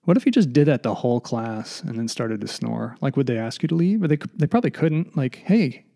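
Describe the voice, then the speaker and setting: This mid-range, gravelly voice is animated and fairly quick, with a dark tone. He's a man alone in a basement room hosting a comedy podcast, wandering off on tangents, mocking himself, doing silly voices, and sounding a bit winded.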